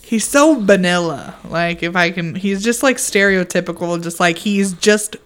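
A woman's voice: lowish voice, expressive, normal speed. A woman co-hosting a podcast, recapping a reality show in casual chat, giggling often and talking with lots of fillers. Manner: giggly, chatty, many fillers. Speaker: podcast co-host.

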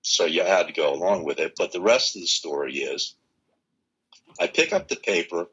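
Older male guest with a low, husky, forceful voice; an animated storyteller who acts out the dialogue. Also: moderate pace, lo-fi sound. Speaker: interview guest. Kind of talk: personal storytelling in conversation.

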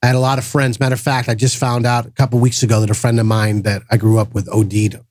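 A man's voice: mid-range voice, fast talker, no room sound, studio quality. A middle-aged man from Massachusetts telling personal stories in a casual podcast chat, acting out the voices of people he quotes. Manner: animated, acts out quoted voices. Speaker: podcast guest. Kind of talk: casual storytelling conversation.

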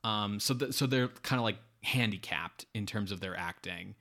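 A man's voice: lowish voice, normal speed, pushed and bright. A man co-hosting a podcast, chatting casually about a bad movie in a rambling, sardonic way full of "like" and fillers. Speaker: podcast co-host. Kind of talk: casual movie review chat.

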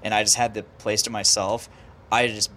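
Bright-voiced man rambling in casual chat. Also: lowish voice, level tone, moderate pace, a little hiss or hum. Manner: rambling, swears freely, restarts often.

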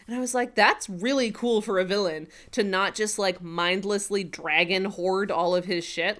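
A woman talking casually on a podcast, retelling scenes from an episode. She keeps slipping into the characters' lines as she tells it, with plenty of fillers and an animated delivery. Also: mid-range voice, moderate pace, few pauses. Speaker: podcast co-host. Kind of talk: casual recap chat.

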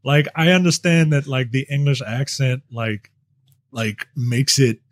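A man's voice: mid-range voice, steady tone, unhurried, no room sound, clean studio sound. A man co-hosting a casual gaming podcast, rambling and laughing often as he talks. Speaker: podcast co-host. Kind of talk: casual chat.

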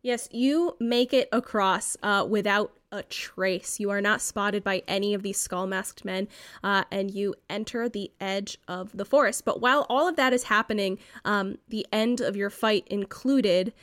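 A woman running a tabletop game, narrating scenes in a relaxed, descriptive way. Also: medium pitch, unhurried, dry recording, studio quality. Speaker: game master.

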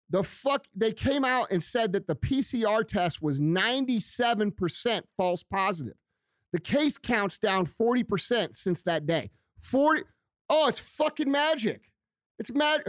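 A man's voice: very high voice, a bit bright, no room sound, clean studio sound. A man delivering a heated, profane rant on his own show, hammering his points by repeating them. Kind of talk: angry ranting monologue.

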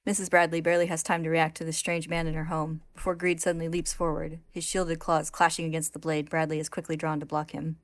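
A woman narrating a story recap in a steady, plain retelling voice. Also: low-pitched, fast, few pauses, no room sound, studio quality.

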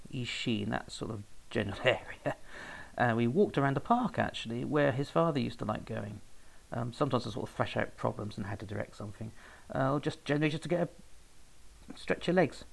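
A man talks casually and at length, wandering from one anecdote to the next. His voice has a gravelly, creaky edge at a middling pitch, and he pads his talk with fillers and restarts. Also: fairly bright tone, low-quality recording. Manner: rambling and anecdotal, with fillers and self-corrections. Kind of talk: casual spoken talk about research.

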